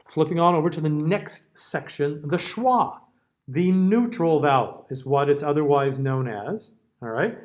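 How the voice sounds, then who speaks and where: A middle-aged man teaching a singers' diction class. He reads out word lists slowly and keeps checking in with "okay?" and "all right?". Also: fairly high pitch. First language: English. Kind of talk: classroom lecture.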